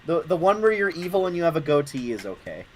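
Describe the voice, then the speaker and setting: A man's voice: on the high side, fast, a little hiss or hum. A man hosting a gaming stream, chatting casually and laughing often, restarting his sentences. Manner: animated, laughing, many restarts. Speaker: stream host.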